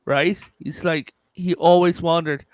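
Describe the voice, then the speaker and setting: A man hosting a casual podcast, spinning long stories and swearing now and then. His voice is smooth and clear, and it sits a little high. The sound is dry and close. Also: fairly even intonation, unhurried, no room sound. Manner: storytelling, swears, rambling. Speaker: podcast host. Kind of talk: casual chat.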